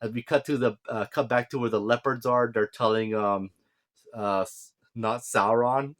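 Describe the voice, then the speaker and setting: A man's voice: mid-range voice, steady tone, fairly bright tone. A man casually recapping and reviewing a TV episode, rambling with many fillers and self-corrections, and briefly acting out what the characters say. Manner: rambling, full of fillers and self-corrections, acts out lines in quick asides. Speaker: show reviewer.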